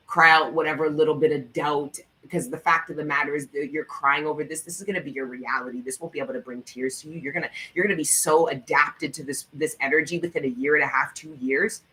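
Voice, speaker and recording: A man's voice: fairly high pitch, bright, forceful tone, low-quality recording. Fervent, cursing male tarot reader. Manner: emphatic, profane motivational talk; repetitive, fervent encouragement. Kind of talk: tarot reading vlog.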